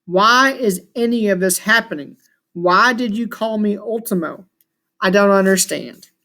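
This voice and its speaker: A man's voice: sits high, a little slow, sharp tone, exaggerated voice. A man reading aloud as a puzzled young female adventurer asking questions. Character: puzzled curious girl adventurer.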